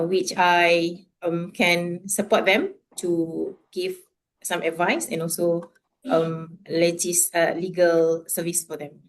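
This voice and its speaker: A woman, a lawyer introducing herself and presenting over a video call, pausing often with fillers and restarts. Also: lowish voice, slight background noise. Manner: hesitant, many fillers and restarts. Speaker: lawyer and law firm founder. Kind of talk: self-introduction and presentation at an online club meeting.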